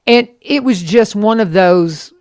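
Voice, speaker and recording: A woman's voice: medium pitch, unhurried, a little mellow. A woman radio host, talking in a chatty, enthusiastic way with many restarts. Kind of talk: casual radio chat.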